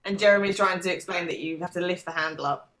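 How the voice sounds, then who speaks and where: A woman's voice: fairly low pitch, fast talker, fairly bright tone. A British woman on a podcast as a guest, chatting casually and laughing easily. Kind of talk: casual chat.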